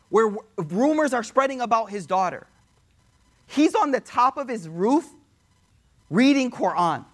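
A man telling a religious story as a sermon, conversational, addressing listeners directly and weaving in Arabic quotations. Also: very high voice. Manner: conversational, addresses audience as y'all, quotes Arabic. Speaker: preacher.

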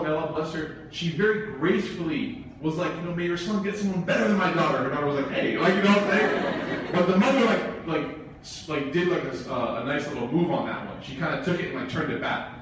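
A man's voice: a little high, a little fast. Humorous man speaking in an echoey hall. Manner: humorous storytelling with frequent asides. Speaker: Islamic speaker. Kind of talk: informal religious talk. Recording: very echoey hall, from far off, faint noise.

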